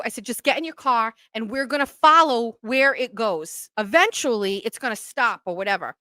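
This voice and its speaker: A woman tells a story on her own show, lively and quick to act out everyone's lines. Her voice sits a little high and sounds bright and forward. The recording is close and dry. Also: dry recording. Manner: animated, acts out quoted voices. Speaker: podcast host. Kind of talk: casual storytelling.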